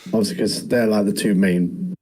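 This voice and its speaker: Husky man recapping episodes. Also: fairly low pitch, steady tone, normal speed, mellow. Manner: rambling, slangy, recounts scenes. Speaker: podcast co-host. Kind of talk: casual chat reviewing anime.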